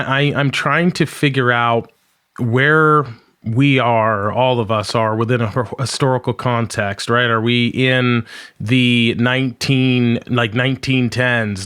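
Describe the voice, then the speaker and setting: A male podcast host with a smooth, resonant voice asks long questions. He halts and repeats words as he works out what he wants to ask. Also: mid-range voice, fairly bright tone. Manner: halting, repeats words while forming questions. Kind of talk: conversational interview.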